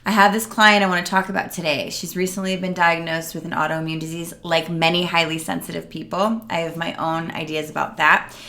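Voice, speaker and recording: A woman's voice: lowish voice, a little fast, hardly any pauses. A middle-aged woman coach talking earnestly to camera, acting out the voices of the people she quotes. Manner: earnest, animated, acts out quotes. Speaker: emotional wellness coach. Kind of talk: casual talk to camera.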